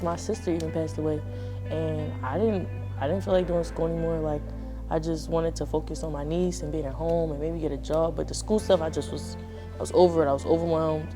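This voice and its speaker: A young woman in her early twenties, a graduating college student, giving a heartfelt, conversational testimonial. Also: low-pitched. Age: early 20s. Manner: earnest, heartfelt, conversational with many "like"s. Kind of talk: personal testimonial talk.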